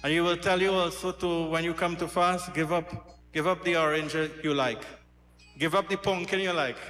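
A man's voice: a little high, fairly even intonation, moderate pace, a bit bright. A man giving a devotional sermon as a religious storyteller, speaking emphatically, repeating phrases and addressing the congregation directly. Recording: echoey hall with faint music.

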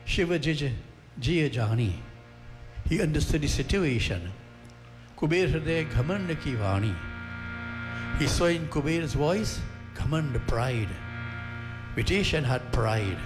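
A man's voice: on the high side, lively intonation, unhurried. A man, telling a devotional story as a spiritual teacher, earnest and repeating phrases for emphasis. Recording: loud flute music behind the voice.

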